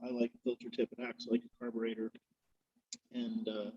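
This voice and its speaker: A man's voice: mid-range voice, completely flat delivery, normal speed, dark tone, dull audio, a little hiss or hum. A man guesting on a podcast, chatting casually and telling rambling, laid-back stories while he smokes. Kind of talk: casual chat while smoking.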